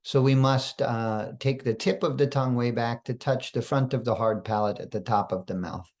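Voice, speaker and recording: A man, a spiritual teacher, giving a slow, careful instructional talk with occasional fillers and throat clearing. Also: mid-range voice, fairly even intonation, a little mellow. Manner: slow, careful, deliberate explanation.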